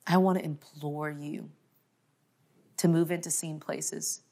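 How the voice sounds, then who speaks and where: A woman speaking to an audience in an emphatic, conversational motivational faith talk. She often checks in with "okay?" and drops her voice softly on key points. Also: low-pitched, fairly even intonation, slow pace. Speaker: conference speaker.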